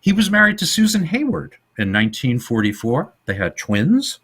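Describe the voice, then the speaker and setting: A man co-hosting a podcast in casual chat, telling film history stories in an animated way. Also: a little high, normal speed, slightly rough. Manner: animated storytelling, trivia-laden. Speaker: podcast co-host.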